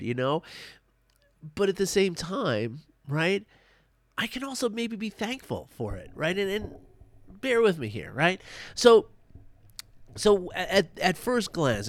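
A man in his thirties speaking to camera in a personal vlog, earnest and halting, full of fillers and restarts, tearful and emotional as he reflects. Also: a little high, very animated, no echo.

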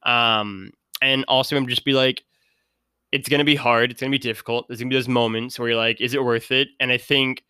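A man's voice: medium pitch, fairly even intonation, fairly quick, sharp tone, smooth, no echo. A man talking as a guest on a podcast in a rambling, casual way, full of "like" fillers.

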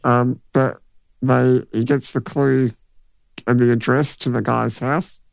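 A laid-back young man with a gravelly voice, chatting on a podcast. The sound is dry and close, and he laughs easily between lines. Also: medium pitch, level tone, takes it slowly, no echo. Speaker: podcast co-host. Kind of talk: casual chat.

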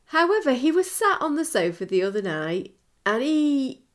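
A middle-aged woman with a high voice that swoops up and down, telling a story in relaxed podcast chat. She is animated and laughs easily as she goes, and her voice keeps climbing to a high pitch and dropping again. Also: normal speed. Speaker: podcast co-host. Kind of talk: casual chat.

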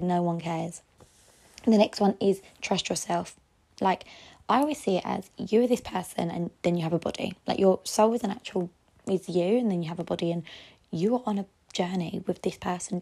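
Young girl doing a podcast pep talk, husky and kinda mellow. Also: medium pitch. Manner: chatty pep talk, frank and encouraging. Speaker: podcast host. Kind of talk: solo advice podcast.

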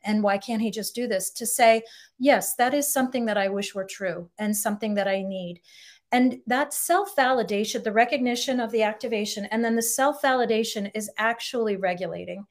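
A woman's voice: fairly high pitch, fairly quick. A middle-aged woman, a couples therapist, explaining ideas in a podcast interview and acting out example quotes.

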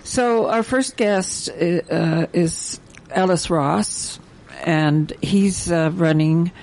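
An older woman, hosting a community radio show, reading announcements in a halting way with many fillers. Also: on the low side, a little mellow. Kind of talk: casual radio chat and announcements.

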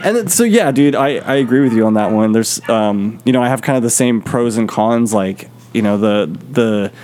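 A man co-hosts a podcast in relaxed, casual chat. His thoughts wander, and he leans on "like" and "um" as he works toward his point. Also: medium pitch, normal speed. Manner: rambling, heavy use of "like" and "um". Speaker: podcast co-host. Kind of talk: casual movie review chat.

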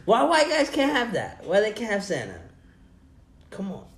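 A man's voice: high voice, huge pitch swings, moderate pace. A young male comedian co-hosting a casual podcast, blunt and teasing, swearing and calling people bro. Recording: roomy echo with faint noise.

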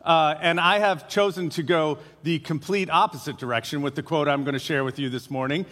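A pastor with a notably high, steady and fairly bright voice delivers a sermon to his congregation in a chatty, loose way, often pausing on "uh." The church sanctuary gives his voice a long, trailing reverb.

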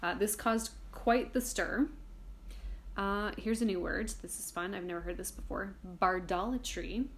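A woman's voice: medium pitch, a little slow. A woman hosting a casual history podcast, chatty and irreverent, swearing casually while reading from her notes. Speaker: podcast host.

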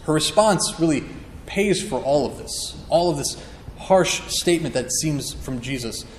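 A man's voice: a little high, lively intonation, measured pace, a little hiss or hum. A man preaching a sermon, earnest and emphatic, acting out quotes as he teaches. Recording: echoey hall with long reverb.

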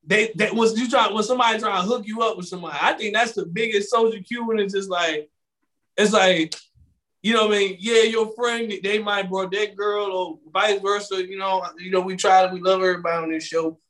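A man hosting a podcast in casual chat, telling animated stories and acting out both sides of conversations into a microphone. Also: sits high, fairly quick. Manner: animated storytelling, acting out exchanges with quoted voices. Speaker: podcast host. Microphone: studio microphone.

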